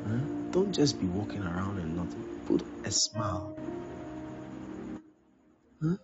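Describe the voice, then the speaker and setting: A man's voice: lowish voice, very animated, measured pace. A man who is a pastor, preaching a conversational sermon, acting out little dialogues and prodding listeners with "huh?". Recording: dull lo-fi with music behind.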